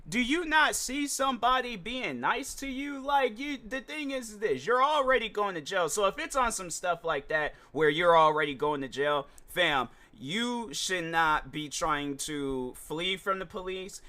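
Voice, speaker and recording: A man hosting a casual solo vlog, talking loosely with slang and restarting his sentences often. His voice is somewhat high and bright, with a forceful edge. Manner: rambling, slangy, many restarts. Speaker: show host.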